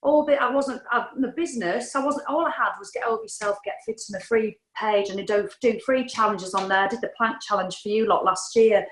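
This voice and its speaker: A woman's voice: a little high, brisk, few pauses, a little hiss or hum. A middle-aged woman, a podcast guest telling her story in a frank, chatty way and swearing casually. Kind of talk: candid storytelling. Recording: echoey room.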